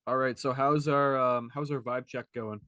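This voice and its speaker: A man co-hosting a live hockey watch-along, rambling through his thoughts and joking at his own expense. His voice is medium in pitch and sounds close and dry. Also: fairly even intonation, normal speed, sharp tone, dry recording. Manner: rambling, self-mocking, laughs. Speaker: podcast co-host. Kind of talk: casual chat watching a hockey game live.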